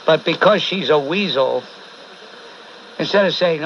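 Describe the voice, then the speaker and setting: A man's voice: on the high side, unhurried, pauses often, fairly bright tone. A man hosting a call-in radio show, blunt and sarcastic, berating and cutting off callers, with a New York accent. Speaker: talk radio host. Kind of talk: combative call-in radio talk. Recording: dull AM radio broadcast with faint hiss.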